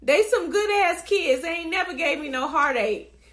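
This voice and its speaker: A woman's voice: very high-pitched, normal speed, a bit bright. A woman in her forties co-hosting a podcast, talking in casual chat with blunt, profane humor. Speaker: podcast co-host. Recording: echoey room.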